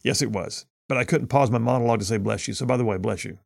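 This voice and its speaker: A man's voice: mid-range voice, fast, gravelly, a little mellow, no room sound, clean studio sound. A man hosting a political talk radio show in an emphatic, folksy, sarcastic way. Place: radio studio.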